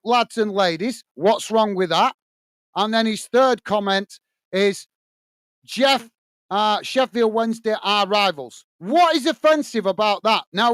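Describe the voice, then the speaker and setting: A man's voice: high voice, fairly bright tone, dry recording. A man from England hosting a live football watch-along, scolding a commenter bluntly and then describing the play to viewers. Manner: blunt, irritated ranting at a commenter.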